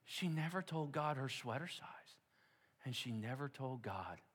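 A man preaching, telling a story dramatically with repeated words and hushed asides. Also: mid-range voice, moderate pace. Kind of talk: sermon storytelling. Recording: long hall reverb.

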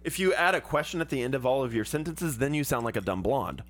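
Animated, jokey man co-hosting. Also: mid-range voice, fast, slight background noise. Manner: animated, jokey, laughs often. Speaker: podcast co-host. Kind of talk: casual movie-review chat.

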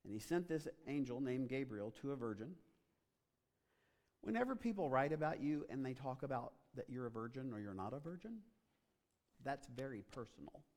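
A male pastor delivers a sermon with a mid-range voice, building to loud, emphatic stretches. The sound carries the long reverb of a large church auditorium, and he talks straight to his congregation. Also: medium pitch, lively intonation, moderate pace. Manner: dramatic, rising to loud emphatic passages.

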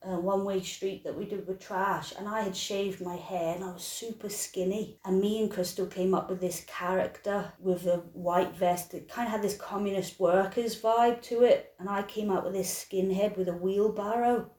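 A woman's voice: mid-range voice, fairly even intonation, moderate pace, few pauses, a little mellow. A woman choreographer talking candidly in an interview, telling stories and acting out quoted voices. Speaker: choreographer and dancer. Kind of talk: casual interview talk. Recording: echoey room.

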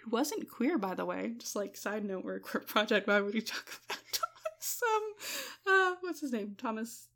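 Animated woman podcast co-host. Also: on the high side, moderate pace. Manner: animated, swings between soft reflective and loud excited; uses y'all, laughs often. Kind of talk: casual podcast chat.

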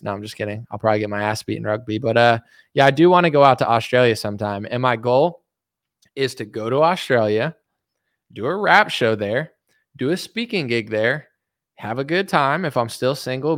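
Male livestream host, sarcastic and joking, mid-pitch, dry close sound. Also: dry recording. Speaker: livestream host reading chat. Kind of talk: casual livestream chat.

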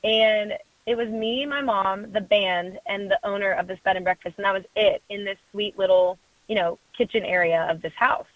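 A young adult woman, a guest in an interview, telling a personal story in a lively way, acting out other voices and laughing often. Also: medium pitch, moderate pace, no room sound. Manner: animated storyteller who acts out quoted voices and laughs often. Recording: phone-like dry sound.

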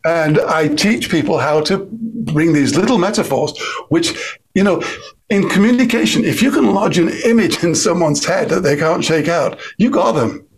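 A man's voice: on the high side, moderate pace, slightly rough. A man with an English accent, a guest speaker talking energetically in an interview. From England. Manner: energetic, emphatic, acts out quoted voices. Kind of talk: animated interview talk.

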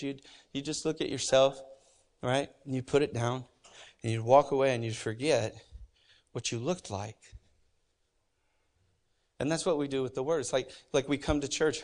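A pastor preaching a sermon in a church, animated and emphatic, with joking asides. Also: male voice, medium pitch, normal speed. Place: church sanctuary.

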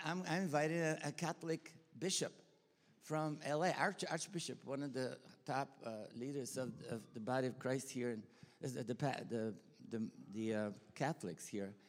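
An older man from Bulgaria with a Bulgarian accent, preaching informally in a rambling, enthusiastic way full of restarts. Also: medium pitch. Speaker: pastor and school leader. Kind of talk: informal sermon with personal stories. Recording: long hall reverb.

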